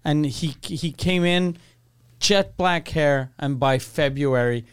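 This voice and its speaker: Smooth-voiced joking man on a podcast. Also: fairly high pitch, slow. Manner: joking, animated storyteller. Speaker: podcast co-host. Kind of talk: casual storytelling chat.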